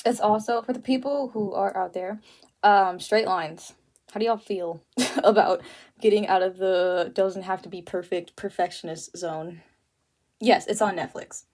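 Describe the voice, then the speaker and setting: A young woman draws on her art livestream while chatting casually, with many fillers and frequent laughter, as faint music plays. Her medium-pitched voice has a darkish tone, a steady delivery, and a measured pace.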